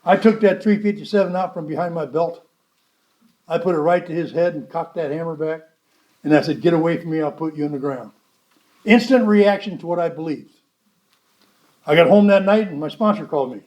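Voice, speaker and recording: A man with a notably high-pitched voice tells a story to a convention audience. His delivery is blunt and wry, and he slips into the voices of the people he quotes. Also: normal speed, long pauses, darkish tone, dull audio. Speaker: recovery meeting speaker.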